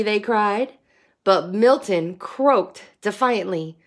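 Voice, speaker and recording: A woman reading a picture book aloud to children in an expressive, sing-song way, like a teacher. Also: fairly high pitch, takes it slowly. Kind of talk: storybook read-aloud.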